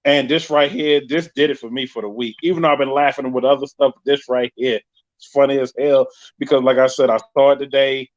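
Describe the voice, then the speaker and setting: A man with a New York accent hosting a casual live podcast, telling stories in an animated, joking way. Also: medium pitch, brisk. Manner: animated storytelling with frequent laughs. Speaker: podcast host. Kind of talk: casual live-stream chat. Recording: muffled lo-fi live stream audio.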